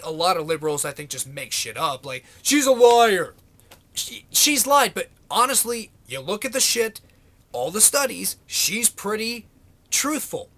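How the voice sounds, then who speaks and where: Sarcastic high-voiced man ranting. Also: pushed and bright. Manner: sarcastic, profane, exasperated. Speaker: vlogger. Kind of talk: political rant to camera.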